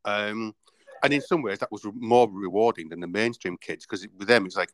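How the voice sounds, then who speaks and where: A man's voice: on the low side, a little fast, fairly bright tone, no echo, rough recording. A man hosting a casual podcast, telling rambling anecdotes and acting out the voices in them. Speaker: podcast host. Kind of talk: casual storytelling chat.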